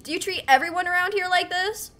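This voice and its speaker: A woman's voice: very high voice, fast, pushed and bright. A woman hosting a game playthrough, playful and goofy in her commentary. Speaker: gaming video host. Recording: voice over game music.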